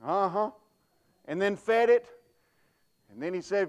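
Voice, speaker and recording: Pastor, man, high voice, folksy, emphatic, stumbling restarts, sermon. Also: lively intonation, unhurried.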